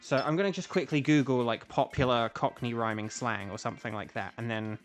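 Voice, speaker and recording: Speaking fairly quickly at a medium pitch, a young British man talks casually to his livestream audience as he plays a video game. A streamer and voice actor, he rambles along, full of fillers and restarts.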